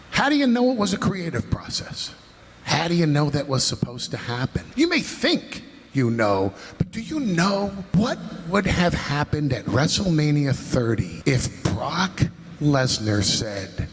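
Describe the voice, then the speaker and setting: A man delivering a dramatic wrestling promo, posing slow, brooding rhetorical questions and sometimes dropping to a whisper. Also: medium pitch, sing-song. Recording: long hall reverb.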